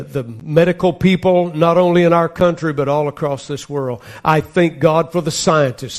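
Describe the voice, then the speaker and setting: Earnest man preaching, a bit high-pitched. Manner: earnest preaching, reads scripture aloud with rising emphasis. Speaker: pastor. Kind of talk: sermon.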